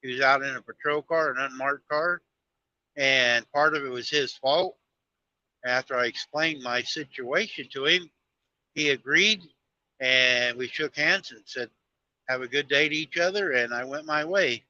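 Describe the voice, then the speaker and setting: On lo-fi audio, a man chats on a live stream from the cab of his truck while driving, spinning rambling, folksy stories. His mid-range voice is unhurried, bright and forceful.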